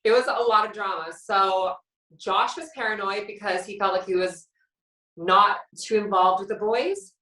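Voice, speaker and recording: A Canadian woman, a former reality show contestant, tells her story dramatically in an animated interview, acting out what she and others said. Her voice is medium-pitched, pushed and bright, at a moderate pace. She sounds distant from the mic, with roomy echo.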